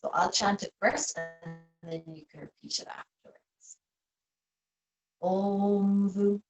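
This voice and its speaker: A woman yoga teacher guiding a restorative class in a soft, gentle, calm way. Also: low voice, moderate pace, faint music behind, rough recording. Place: seated on a cushion.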